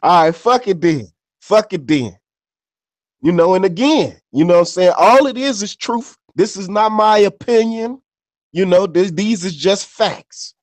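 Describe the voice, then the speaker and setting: A man with a somewhat high voice talks loosely on a podcast, spinning stories in street slang. He swears freely and leans on filler tags after nearly every phrase. The recording is dry and close, with no room sound. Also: expressive, unhurried, no room sound. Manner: loose, conversational storyteller. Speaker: podcast co-host. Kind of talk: casual unscripted chat and storytelling.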